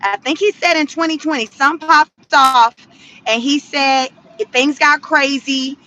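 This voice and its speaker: A woman with a high, bright voice talks straight to her viewers from inside a car. Her commentary is sassy and animated, and she laughs often between points. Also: measured pace. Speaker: vlogger commenting on the news. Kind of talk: casual commentary vlog.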